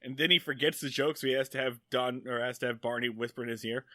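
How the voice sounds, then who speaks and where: Bright, wry man recapping on a podcast. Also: medium pitch, fairly even intonation, fast, no echo, clean studio sound. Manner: wry plot recaps with joking asides. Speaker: podcast co-host. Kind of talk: casual comedy podcast chat.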